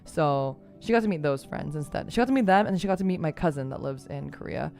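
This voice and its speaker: A young adult woman streamer telling a story in casual chat, animated, laughing and swearing freely. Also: low-pitched, fast, creaky, soft background music.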